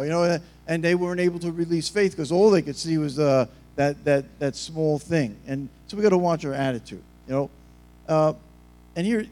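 A man's voice: fairly high pitch, a little mellow. A man preaching a sermon in a rambling, joking, storytelling way. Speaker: pastor.

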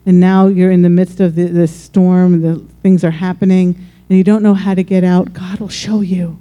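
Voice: medium pitch, steady tone, normal speed, dark tone. A pastor preaching a sermon that flows into a fervent prayer, repeating "Lord" and restarting phrases often.

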